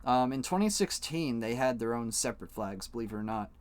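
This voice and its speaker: Coloring flags on his live stream, a young man talks casually with his viewers, rambling, joking and swearing without restraint. His mid-range voice is expressive and his pace brisk.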